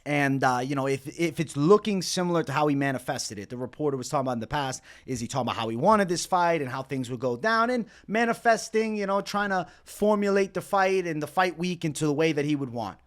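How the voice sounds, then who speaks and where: Excitable, profane young man reacting to MMA. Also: a little high, fast, hardly any pauses. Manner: excitable, profane, bursts into shouting. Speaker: MMA reaction video host. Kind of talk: casual reaction commentary.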